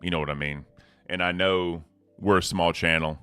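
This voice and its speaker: A man hosting a casual livestream, laid-back and slangy, giving hype shout-outs to the community. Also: sits low, fairly even intonation, normal speed, clean tone, no room sound, soft background music. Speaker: host.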